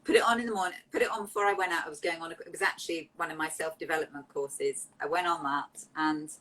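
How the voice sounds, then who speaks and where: Woman, fairly low voice, heartfelt, animated storytelling, interview guest. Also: quick pace, poor audio. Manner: heartfelt, emotional, animated anecdotes.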